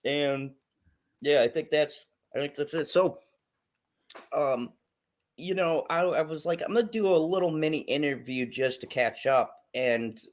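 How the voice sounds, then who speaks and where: A man's voice: on the high side, measured pace. A young man hosting a casual livestream chat, hyped and joking as he reads the chat aloud. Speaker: host.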